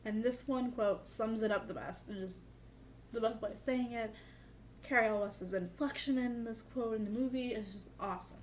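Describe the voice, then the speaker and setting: A woman's voice: on the high side, moderate pace, a little hiss or hum. A young woman vlogging in a casual, chatty way, with dry humor and lots of "like". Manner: chatty, peppered with "like". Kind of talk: casual chat to camera.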